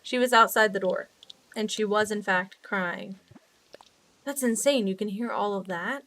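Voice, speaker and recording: A woman's voice: mid-range voice, unhurried, fairly bright tone, slight background noise. A young woman streaming from her desk at home, chatting casually with viewers and thinking aloud as she plays. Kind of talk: casual chat while playing a game.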